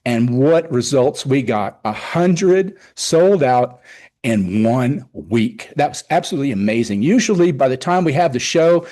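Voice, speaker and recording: A middle-aged man with a warm, expressive mid-range voice speaks unhurriedly while presenting to the town board as a car show organizer. He rambles enthusiastically at the public meeting, frequently recounting conversations.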